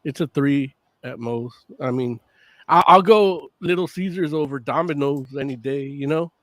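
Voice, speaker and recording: A man co-hosting a casual podcast, talking in halting starts and swearing casually. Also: a little high, a bit bright, no room sound. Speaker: podcast co-host. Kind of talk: casual chat.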